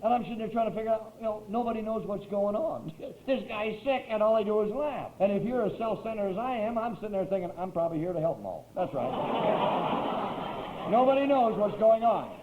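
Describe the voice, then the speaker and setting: A man telling his recovery story to a meeting in a folksy, wry way, often clearing his throat. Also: high voice, quick pace, noisy background. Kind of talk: personal recovery talk. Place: meeting hall with a crowd. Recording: tinny, roomy old tape recording.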